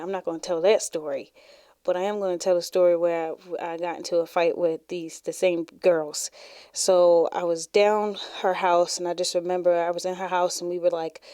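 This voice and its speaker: A woman with a lowish, warm, mellow voice rambles through stories from her school days, dropping "like" every few words. She sounds close to the mic in a small, dry room. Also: clean tone, no room sound. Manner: chatty, rambling, many "like" fillers. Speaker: podcast host. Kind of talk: casual storytelling.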